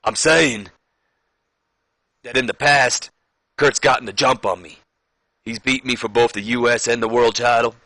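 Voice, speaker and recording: A man's voice: medium pitch, steady tone, unhurried, pauses often, bright, forceful tone, no room sound. Man putting on a brash boastful wrestler. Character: brash, boastful male wrestler cutting a promo.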